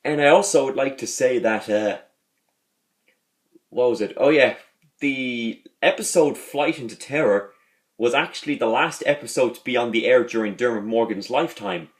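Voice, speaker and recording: A man with a mid-range voice hosts a casual vlog reviewing a sitcom, talking at normal speed. He rambles, repeating words and restarting his sentences.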